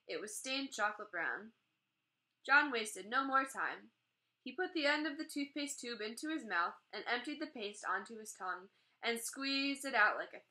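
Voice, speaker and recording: A woman reading a children's chapter book aloud, gently voicing the characters as she goes. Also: on the high side, poor audio. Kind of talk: read-aloud storytelling.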